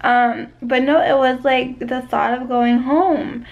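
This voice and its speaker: A woman's voice: high voice, fairly even intonation, takes it slowly, vocal fry, phone-quality sound. A young woman vlogging casually to camera from a vacation condo, rambling with lots of fillers and restarts.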